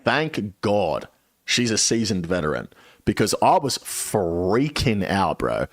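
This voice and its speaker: A young man spins a story on stream, with his pitch swooping up and down as he swears his way through it. The sound is dry and close, with no room around his voice. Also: slow, no room sound. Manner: animated, swears a lot. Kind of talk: casual storytelling.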